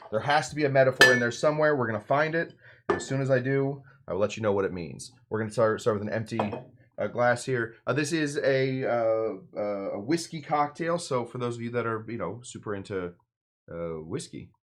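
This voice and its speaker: A man at a middle pitch hosts a casual cocktail demonstration. His talk wanders, with plenty of fillers and side remarks, in the easygoing way of a working bartender chatting behind the bar. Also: moderate pace, background noise. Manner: rambling, loose, full of fillers and side remarks. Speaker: bartender and show host.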